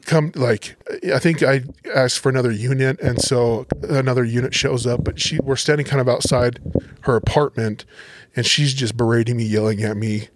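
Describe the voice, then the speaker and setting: A man's voice: medium pitch, moderate pace. A man, a police officer, telling stories casually on a podcast and acting out the people in them. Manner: relaxed, animated storyteller acting out quotes. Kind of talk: casual storytelling.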